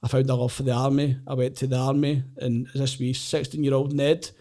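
A man with a Glaswegian accent, a comedian and former soldier, telling animated stories in casual chat and laughing often. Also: mid-range voice, fairly quick. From Glasgow, Scotland. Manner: animated, laughs often, acts out voices in anecdotes.

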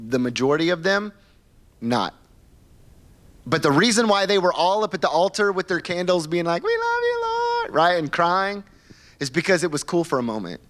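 A man's voice: a little high, a bit bright. A man preaching a conversational sermon in church as pastor, asking the congregation questions and acting out quoted people. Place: church sanctuary.

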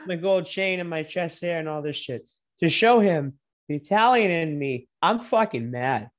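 Animated, swearing young man talking racing. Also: a little high. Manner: animated, swearing, bursts into loud drawn-out shouts. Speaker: podcast co-host. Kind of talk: casual sports chat.

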